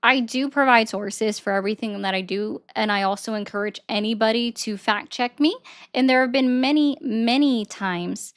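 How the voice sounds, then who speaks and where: A woman's voice: fairly high pitch, normal speed. A woman from the American South, casually talking to her live-stream chat and defensively explaining herself. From Southern United States. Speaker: livestreamer answering chat.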